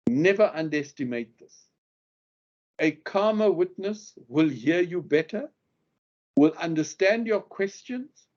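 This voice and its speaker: A man's voice: on the high side, darkish tone, muffled recording. A man teaching lawyers how to question witnesses, who acts out the example questions and leans hard on the key words. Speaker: legal skills instructor. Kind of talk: lecture on courtroom questioning.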